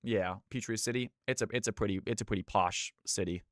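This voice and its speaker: A man's voice: fairly quick, dry recording, clean studio sound. A man from Georgia in the US, casting a live game stream with lots of energy and chatting with viewers. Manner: high-energy, hyped.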